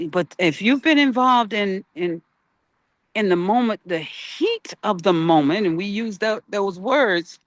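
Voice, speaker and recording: Host, slow-paced, dry close sound, halting, searching unscripted spiritual talk. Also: medium pitch, no room sound. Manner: halting, searching for words, rhetorical questions. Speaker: broadcast host.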